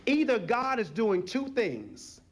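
Male pastor, high and lively voice, animated call-and-response sermon, folksy. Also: slow.

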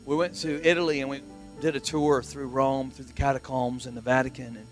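A middle-aged man preaching a sermon as pastor, driving points home with emphatic repetition and swings from hushed to loud. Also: mid-range voice, little pitch movement, brisk, faint music behind.

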